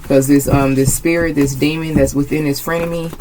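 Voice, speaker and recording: A woman's voice: low-pitched, steady tone, brisk, warm tone, slight background noise, poor audio. A woman giving a casual tarot reading, blunt and emphatic, swearing freely and repeating her phrases. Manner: emphatic, gets agitated. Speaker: tarot reader.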